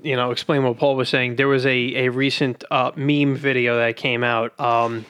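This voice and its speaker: A man's voice: mid-range voice, level tone, normal speed, fairly bright tone, clean tone. A man hosting a casual podcast. He tells stories in a rambling, hesitant way. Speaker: podcast host.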